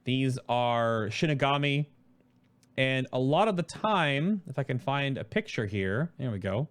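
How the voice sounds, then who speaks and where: A man hosting his stream, talking casually and quickly about a project, rambling through explanations. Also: medium pitch, animated, no echo. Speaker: host.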